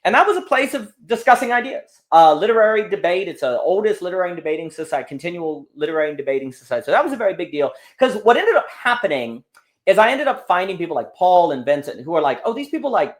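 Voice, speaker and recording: A man's voice: sits high, fast talker. A man talking as a guest in a casual conversation, telling rambling stories full of restarts and asides. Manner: animated, rambling storytelling with frequent restarts. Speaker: podcast guest.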